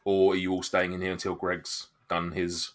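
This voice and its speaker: A man's voice: low voice, monotone, normal speed. A man narrating as game master of a tabletop game, hesitant and full of restarts. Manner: hesitant, many fillers and restarts.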